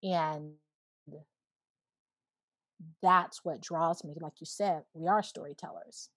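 A woman's voice: sits low, fairly even intonation, unhurried, a bit bright. A woman in her thirties speaks earnestly and reflectively as a guest in a casual conversation. Her thoughts come in short bursts, often strung together with "you know". The sound is close and dry, with no room echo. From Alabama, USA. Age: 30s. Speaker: podcast guest.

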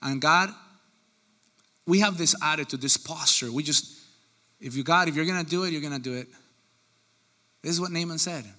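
A man preaching a sermon, animated and acting out the people he quotes. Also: a little high, normal speed, long pauses. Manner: animated, acts out quoted voices. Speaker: pastor.

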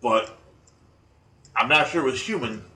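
A man casually recounting paranormal investigations, animated and quick to laugh, acting out the voices he quotes. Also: medium pitch. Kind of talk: casual storytelling chat. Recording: echoey room, distant mic, faint noise.

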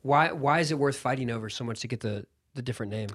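A man's voice: mid-range voice, fast talker, fairly bright tone, dry recording. A man interviewing podcast hosts, asking curious, probing questions. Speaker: guest interviewer.

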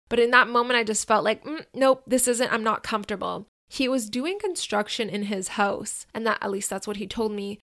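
A woman in her thirties tells a personal story on her podcast in a loose, chatty way. Her voice sits a little high and has a gravelly fry. She drops in lots of fillers and acts out what other people said. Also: a bit bright. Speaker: podcast host. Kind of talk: casual storytelling.

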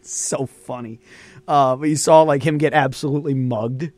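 A man's voice: medium pitch, fairly even intonation, moderate pace, darkish tone, no echo. A young man hosting a college radio sports talk show, in casual banter full of laughs and fillers.

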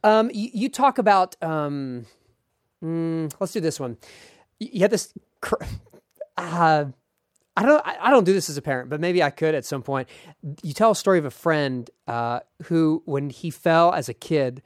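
Animated man host, slightly high voice. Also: moderate pace, no room sound, clean studio sound. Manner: animated, self-deprecating, laughs easily. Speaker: podcast host. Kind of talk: casual interview chat.

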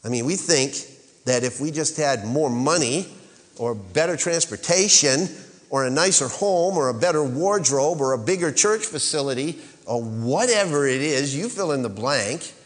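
A man's voice: fairly high pitch, lively intonation, a little slow, in a large hall. A male pastor preaching a sermon, rising to emphatic peaks and calling on the congregation to answer. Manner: rises to emphatic peaks, calls for congregation response.

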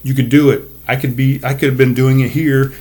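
A man's voice: mid-range voice, level tone, a little fast, darkish tone. A middle-aged man hosting his own podcast from a desk, ranting in a fired-up, profane, motivational way. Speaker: podcast host. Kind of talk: casual solo podcast rant. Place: home desk.

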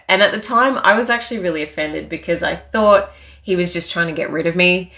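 Chatty woman with a lowish voice. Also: a little fast, bright, forceful tone. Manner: chatty, frequent filler words, laughs while telling. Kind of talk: casual storytelling to camera.

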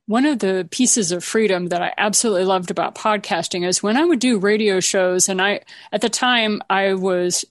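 A middle-aged woman hosting an interview, chatty and quick to laugh. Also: medium pitch, no echo. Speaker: podcast host. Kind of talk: casual interview chat.

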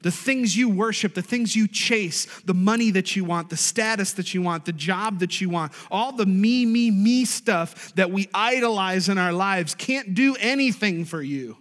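High-voiced preaching man in a reverberant hall. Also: moderate pace, few pauses. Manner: animated preaching with sudden loud, high bursts. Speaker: pastor. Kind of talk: sermon. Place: church sanctuary.

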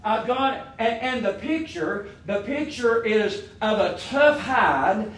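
A male preacher with a very high voice delivers an impassioned sermon at an unhurried pace. He swings between hushed passages and shouted declarations, often stumbling over repeated words as he builds. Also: expressive, echoey room.

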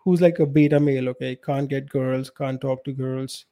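A man's voice: medium pitch, steady tone, normal speed, warm tone. A man, co-hosting a podcast in casual chat and giving blunt, opinionated takes. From India. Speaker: podcast co-host.

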